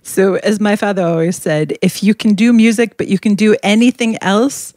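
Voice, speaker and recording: A woman's voice: medium pitch, steady tone, normal speed, darkish tone, no echo, studio quality. A middle-aged woman from Indianapolis hosting a friendly, conversational interview. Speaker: podcast host.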